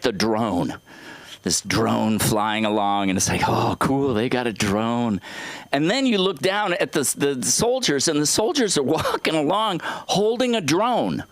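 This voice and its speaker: A middle-aged man doing an open mic stand-up set on a small club stage, telling stories in a halting, rambling way full of fillers and restarts. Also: a little high, no room sound.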